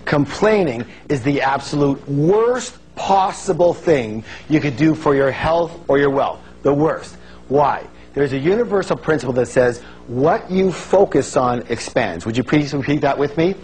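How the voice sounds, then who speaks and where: A man giving a lively motivational seminar talk, calling on the audience to answer and acting out the voices he quotes. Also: on the high side, moderate pace, rough recording. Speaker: seminar speaker. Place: large seminar hall with an audience.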